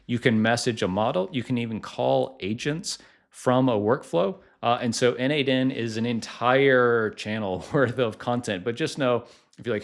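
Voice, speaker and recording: A middle-aged man hosting a casual tutorial vlog, talking in a chatty way full of "like" and "uh". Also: mid-range voice. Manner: chatty, lots of "like" and "uh" fillers. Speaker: tech YouTuber, podcasting company founder.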